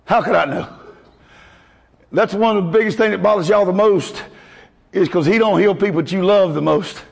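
A man's voice: high-pitched, moderate pace, vocal fry, husky, big-room sound. A male pastor preaching a folksy, emotional sermon to his congregation.

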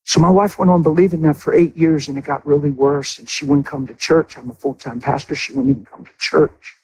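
A man's voice: a little high, a little fast, dark tone, low-quality recording. A middle-aged man preaching a sermon as a pastor, telling a personal story with emotion and speaking straight to his congregation.

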